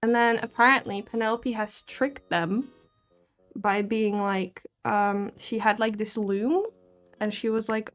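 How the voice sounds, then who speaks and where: A woman's voice: medium pitch, fairly even intonation, unhurried, soft background music. A woman vlogger casually summarizing a book, rambling and self-deprecating, laughing often as she talks. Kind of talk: casual chat.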